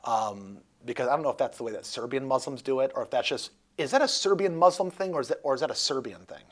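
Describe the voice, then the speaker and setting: A man's voice: mid-range voice, quick pace. A man hosting a casual interview chat, rambling and joking with lots of restarts. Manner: rambling, jokey, many restarts. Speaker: host.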